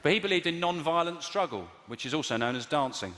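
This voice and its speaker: A man doing improvised stand-up comedy from audience suggestions, mixing deadpan asides with sudden loud bursts. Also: a little high, fast. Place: large theatre with audience. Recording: echoey live hall, loud noise.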